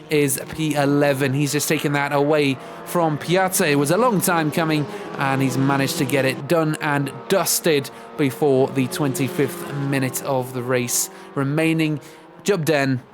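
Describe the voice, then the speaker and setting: Chatty man calling a sim race, music behind. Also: mid-range voice. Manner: chatty, rambling asides between race calls. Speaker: race commentator. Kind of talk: live sim racing commentary. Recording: game engine sounds and music behind. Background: racing car engine noise and music.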